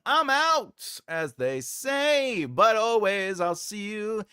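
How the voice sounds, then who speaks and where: A man's voice: sits high, lively intonation, takes it slowly, bright, forceful tone, clear, resonant tone, no echo, clean studio sound. A male writing channel host in casual, playful livestream chat, laughing often and trying out cartoon voices.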